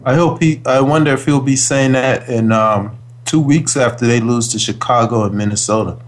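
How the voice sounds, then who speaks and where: A man's voice: mid-range voice, normal speed. A man in his forties, a former pro football player, co-hosting a casual sports talk show and ranting emphatically about calls and teams. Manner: emphatic, exasperated ranting with repeated words.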